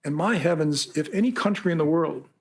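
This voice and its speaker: A man from Canada answering reporters' questions at a press conference, earnest and measured, sometimes reading passages aloud. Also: a little high, lively intonation, breathy edge. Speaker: special rapporteur answering reporters.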